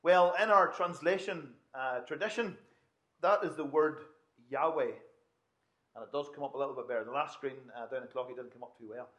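A man's voice: mid-range voice, brisk, fairly bright tone. A man preaching a sermon in a conversational way, with asides and restarts.

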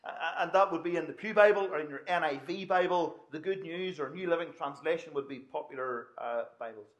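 A man's voice: on the high side, brisk. A man preaching a sermon in a conversational way, with asides and restarts.

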